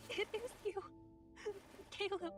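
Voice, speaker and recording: A woman's voice: very high-pitched, steady tone, slow, recorded from a distance. An actress playing a nervous, earnest young woman protagonist in a video game. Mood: stunned. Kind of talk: game voice acting. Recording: game audio with loud music, set back.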